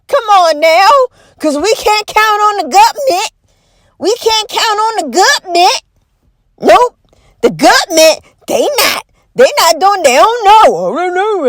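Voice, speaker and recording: A woman with a high voice rants for laughs straight to camera, animated and full of exaggeration. She is folksy and emphatic, leaning on repeated catchphrases and dipping into quick mock voices. The sound is dry, with no room echo. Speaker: vlogger. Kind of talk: comedic rant to camera.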